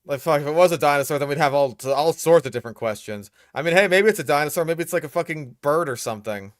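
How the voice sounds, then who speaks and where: A man's voice: on the high side, animated, quick pace, no echo, studio quality. A young man hosting a reaction commentary, exasperated and profane, picking apart what he hears. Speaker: host reacting to a video.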